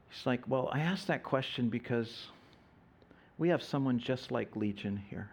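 A man's voice: mid-range voice, normal speed, slightly rough. A man preaching, telling a mission story and acting out the voices of the people in it. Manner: animated storyteller, acts out quoted voices. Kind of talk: sermon storytelling.

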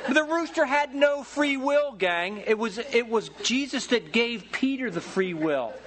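A man preaching a sermon as pastor, telling stories in a lively, folksy, humorous way. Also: extremely high pitch, unhurried. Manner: animated storytelling with folksy humor.

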